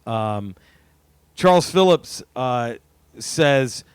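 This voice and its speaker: A man's voice: a little high, animated, slow pace, clean tone, no echo. A man co-hosting a casual podcast, reading listener messages aloud in a loose, swearing manner with frequent ums. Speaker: podcast co-host.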